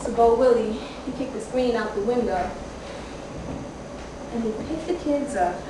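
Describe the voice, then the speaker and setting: A woman's voice: fairly high pitch, unhurried, background noise, lightly acted. A woman playing a young mother telling a harrowing story in an intense stage monologue. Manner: intense dramatic monologue, shouting at peaks. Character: young mother telling of her children's father. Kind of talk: theater monologue. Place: theater stage. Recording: echoey hall from far off.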